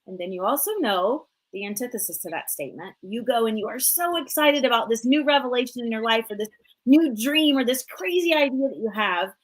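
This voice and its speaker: Chatty woman coach, 40s, high voice, pumped up, lots of like and you know. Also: a little fast, low-quality recording. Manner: energetic, chatty, many fillers. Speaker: host and coach. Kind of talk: motivational live show talk.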